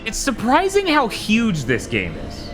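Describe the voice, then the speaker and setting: A man's voice: high-pitched, huge pitch swings, unhurried, music in the background. A man co-hosting a live game stream, chatting casually in a rambling way and swearing now and then. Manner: rambling, swearing, loose storytelling. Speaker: streamer co-host.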